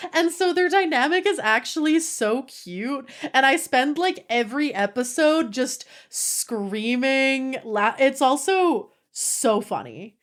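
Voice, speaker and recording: Very animated yet slow-paced, a young female streamer gushes to her live audience in a high-pitched, slightly bright voice. She giggles, bursts out laughing, and says "like" constantly in her casual chat.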